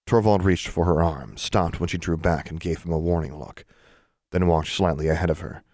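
A man narrating a fantasy novel audiobook in a calm, even reading. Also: sits low, normal speed, no echo, clean studio sound. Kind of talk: scripted narration.

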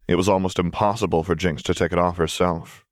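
A man reading fan fiction aloud as an audiobook narrator, in a calm, measured storytelling manner. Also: deep voice, no echo, studio quality.

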